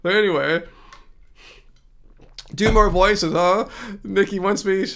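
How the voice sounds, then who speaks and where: A man's voice: sits high, a little slow, creaky, long pauses, a bit bright. A man hosting a casual livestream, chatting, laughing often and answering viewers in the chat. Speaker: livestream host.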